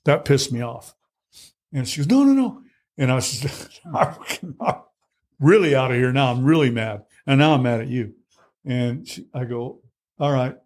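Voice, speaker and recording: A man's voice: medium pitch, unhurried. A middle-aged man telling his own story in conversation, blunt and plainspoken, full of fillers and restarts. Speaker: guest.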